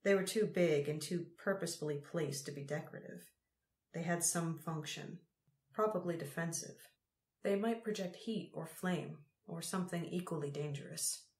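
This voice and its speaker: A woman narrating an audiobook chapter in a measured, unhurried reading. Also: low voice, darkish tone. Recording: roomy echo.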